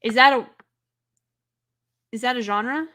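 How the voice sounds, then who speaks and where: A woman hosting a live stream, chatting casually with viewers, rambling with lots of filler words and breaking into loud, exasperated outbursts. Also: a little high, takes it slowly. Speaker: livestream host.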